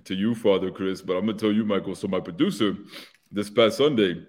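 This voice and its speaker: Low-voiced host telling a chatty story. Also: male voice, fairly quick. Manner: chatty storyteller acting out quoted dialogue. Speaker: show host. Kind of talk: casual anecdote telling.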